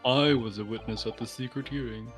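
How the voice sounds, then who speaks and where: A reflective older scholar looks back on his student days, voiced by a man reading a game aloud. The reading is calm and unhurried. Soft music plays underneath. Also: medium pitch, close to an everyday voice. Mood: wistful. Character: older male judicial scholar reminiscing. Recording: faint music behind.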